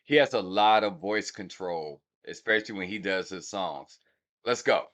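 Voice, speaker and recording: In a deep, somewhat bright voice at a moderate pace, a man runs casual music breakdown commentary on his hip hop channel. He talks brashly and directly to viewers, counting beats out loud to illustrate rhythm.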